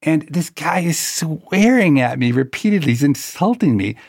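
Gravelly man telling an anecdote. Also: fairly high pitch, animated, moderate pace, a little mellow, no echo, studio quality. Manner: wry anecdotal storyteller. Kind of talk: conversational storytelling.

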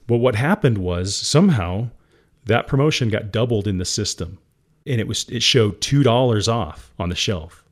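A man's voice: fairly low pitch, animated, normal speed. A man, a company founder, candidly telling his story as a guest in an interview, earnest and emotional.

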